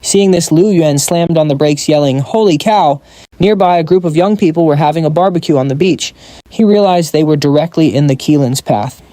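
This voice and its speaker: A man giving brisk scripted narration of a comic recap. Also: a little high, warm tone, dry recording.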